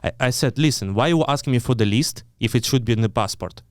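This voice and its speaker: A man's voice: mid-range voice, fast, clear, resonant tone, dry recording, clean studio sound. A man in his thirties with a Ukrainian accent and broken English, telling a story as an interview guest, blunt and swearing often, acting out the people he quotes. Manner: broken English, frequent restarts.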